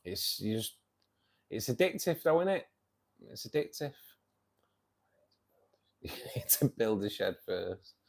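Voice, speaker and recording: Speaking in a fairly low, sing-song voice with some vocal fry, this man talks a little slowly and pauses often. He's hosting a fishkeeping livestream, reading viewer comments in casual chat while joking, teasing, and laughing a lot.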